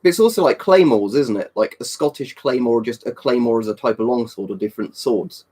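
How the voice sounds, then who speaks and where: A man's voice: medium pitch, fairly quick, mellow, slightly rough. A man chatting casually on a live stream in a rambling, talkative way, answering viewers' questions and swearing now and then. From Britain.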